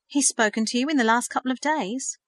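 A woman's voice: a little high, a little fast, no room sound, studio quality, pitched above the performer's own voice, lightly acted. A woman reading the part of an earnest, hopeful teenage girl of faith. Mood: indignant. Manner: earnest, eager. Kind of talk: audiobook reading.

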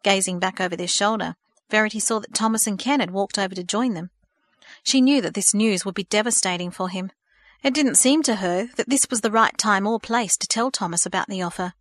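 Woman narrator, steady audiobook reading, mid pitch, dry booth. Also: brisk, no room sound.

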